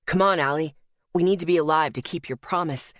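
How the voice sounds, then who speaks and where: A woman's voice: sits low, brisk, no room sound, clean studio sound, voice pushed down, natural voice. A woman narrator voicing a protective young man who speaks urgently in a commanding tone.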